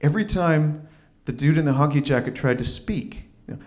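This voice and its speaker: A man's voice: a little high, fairly quick, hardly any pauses, a little mellow. A man performing a live open mic story, wry and self-deprecating, with stumbling restarts, into a stage microphone. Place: small arts venue stage.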